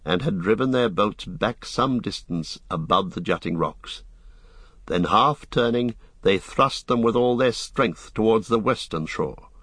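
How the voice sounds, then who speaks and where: A man reading a fantasy story aloud as an audiobook narrator, in a steady storytelling manner. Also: sits low, husky, no room sound. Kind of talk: scripted narration.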